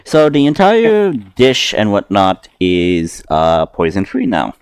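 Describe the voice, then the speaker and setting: A man narrating as game master of a tabletop game, slow and halting, with many fillers. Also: lowish voice, expressive, clear, resonant tone, no room sound.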